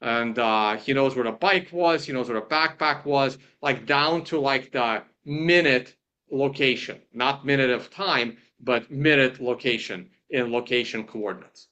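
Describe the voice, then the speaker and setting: A man's voice: mid-range voice, measured pace, bright, forceful tone, clear, resonant tone, lo-fi sound. A man hosting, casually talking through videos on his screen, rambling with many restarts. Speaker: host. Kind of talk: casual screen-share commentary.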